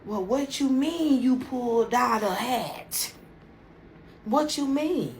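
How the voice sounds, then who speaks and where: A man's voice: very high voice, animated, slow pace, echoey room, slight background noise, exaggerated voice. A woman voicing a young man who is hurt and furious, firing off indignant questions. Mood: stunned.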